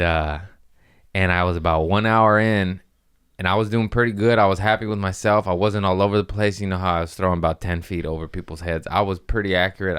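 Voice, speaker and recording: Man, low voice, smooth and resonant, casual comic storytelling, swears a lot, acts out quotes. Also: a bit bright. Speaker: comedian podcast host.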